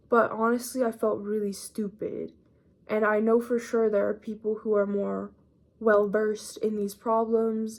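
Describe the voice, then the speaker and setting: A young woman of eighteen chats through her day in a loose, slangy, self-deprecating ramble. Her voice sits a little high for a woman. She is a bit under the weather with a lingering cough. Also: darkish tone. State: mildly sick, coughing up phlegm. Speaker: vlogger. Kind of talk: casual chatty vlog.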